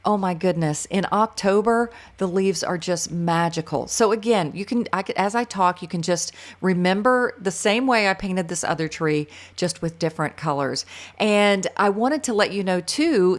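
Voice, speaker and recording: A middle-aged woman with a faded Southern US accent, from North Carolina, chatting enthusiastically through a real-time painting tutorial and thinking aloud as she works. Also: fairly low pitch. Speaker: art instructor.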